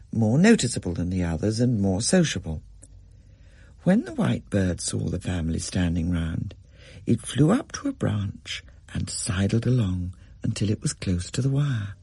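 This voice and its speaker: A man reading a children's story aloud in a measured, expressive way. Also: fairly low pitch, no room sound. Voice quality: husky, gravelly. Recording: dry close recording.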